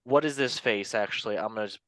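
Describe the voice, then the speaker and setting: A man's voice: fairly low pitch, quick pace, fairly bright tone, dry recording. A man hosting a football news show in a casual, rambling, joking way with self-mocking asides. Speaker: show host.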